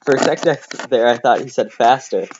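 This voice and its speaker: A man's voice: medium pitch, a little fast. A man reading fan fiction aloud as a comedy host, commenting in a sarcastic, mocking way. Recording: slightly dull home recording with faint noise.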